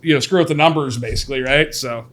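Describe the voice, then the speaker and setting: A man's voice: mid-range voice, fast talker. Laid-back man, faint noise behind. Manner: relaxed, drawling, tags with "you know" and "right". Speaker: guest. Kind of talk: casual chat.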